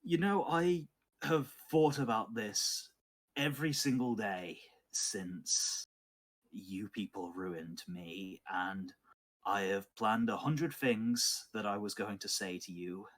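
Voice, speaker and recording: A man voicing a horribly burned, vengeful man who speaks with calm menace. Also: fairly low pitch, slow pace. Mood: coldly vengeful. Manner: calm, menacing villain speech.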